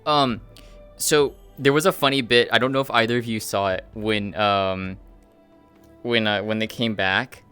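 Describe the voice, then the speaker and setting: A man streaming a role-play game who chats casually with a fairly low voice. He rambles and swears as he acts out earlier scenes. Faint music runs underneath. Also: steady tone, measured pace, sharp tone, clean tone. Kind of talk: casual chat.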